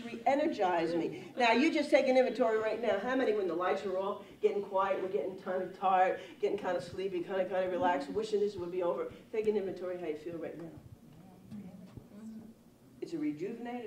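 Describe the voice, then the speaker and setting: A woman's voice: mid-range voice, fairly quick, a little mellow. A woman giving a humorous lecture to a live audience, telling stories and laughing often. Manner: storytelling, laughing often, playful. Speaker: speaker on stress and humor. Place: large lecture hall with audience. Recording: echoey hall, distant mic, audience noise.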